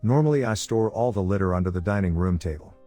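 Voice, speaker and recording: A man with a fairly low voice reads creepy first-person tales as scripted horror narration. His delivery stays calm and steady from line to line. Faint music plays beneath him. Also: fast. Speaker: voice actor narrating scary stories.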